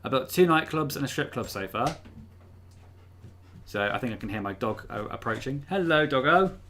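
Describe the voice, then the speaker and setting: Bright-voiced chatty man streaming. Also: mid-range voice, animated, moderate pace, slight background noise. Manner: rambling, filler-heavy, chatty. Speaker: livestream host. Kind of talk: casual live-stream chat. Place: room at home.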